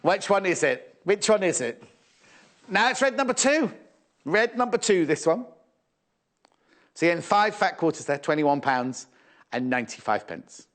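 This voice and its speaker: Middle-aged male TV sewing presenter, chatty and fussy, lively pitch, a touch higher than most men. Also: moderate pace, pauses often. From England. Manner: chatty, fussing aloud, reading out viewer messages. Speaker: shopping channel presenter. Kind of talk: live sewing shopping TV chat. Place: TV studio.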